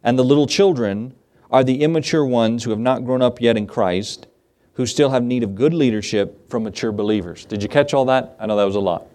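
A man's voice: mid-range voice, a little fast, warm tone. A middle-aged man, a pastor, preaching a sermon in a conversational way and often asking his listeners questions.

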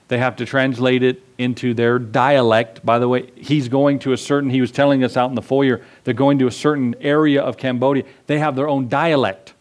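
A middle-aged male pastor preaching a sermon in a conversational way, acting out voices in his stories. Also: mid-range voice.

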